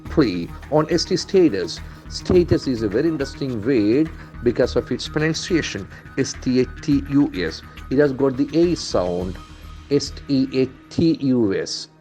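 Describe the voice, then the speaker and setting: A man's voice: medium pitch, animated, moderate pace, mellow, faint music behind. A man from India, an English trainer, going through newspaper headlines in a lesson, spelling words letter by letter and repeating their pronunciation.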